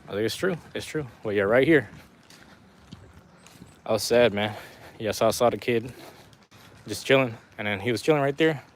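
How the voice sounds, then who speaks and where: A man's voice: fairly low pitch, moderate pace, long pauses. Laid-back man streaming from a rainy street. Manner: laid-back, rambling street talk with slang. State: losing his voice. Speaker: live streamer. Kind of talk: casual walking live stream. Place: outdoors on a city street in the rain.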